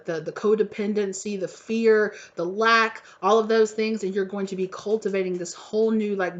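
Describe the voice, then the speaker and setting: A woman's voice: mid-range voice, lo-fi sound, slight background noise. A woman giving a collective tarot reading, gushing and repetitive, with casual swearing. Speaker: tarot reader.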